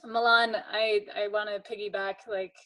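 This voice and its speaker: A woman's voice: mid-range voice, flat delivery, normal speed, pushed and bright, rough recording. A woman giving an earnest, enthusiastic check-in on a group video call. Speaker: call participant.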